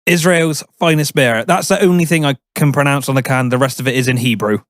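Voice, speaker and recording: A man's voice: medium pitch, a little fast, fairly bright tone, dry recording, clean studio sound. A man in a casual podcast chat, hesitant, speaking in short interjections.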